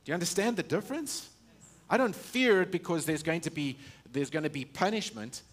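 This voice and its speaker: Pastor guy preaching, kinda high voice, asks the crowd questions, trips over his words, gets quiet and low then punches it. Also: a little fast. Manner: impassioned, rhetorical questions, frequent restarts; swings between loud emphasis and hushed low delivery. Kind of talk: sermon.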